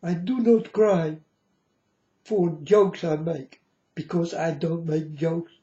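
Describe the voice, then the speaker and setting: Slow, dark-voiced man in a dull recording. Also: on the high side, steady tone. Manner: earnest, solemn, repeatedly addresses listeners as folks. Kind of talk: emotional monologue to camera.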